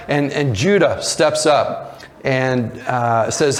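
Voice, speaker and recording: A man preaching a sermon, retelling a story in a conversational way and slipping into lively voices for the characters. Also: mid-range voice, takes it slowly. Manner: conversational with frequent restarts and fillers. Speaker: pastor.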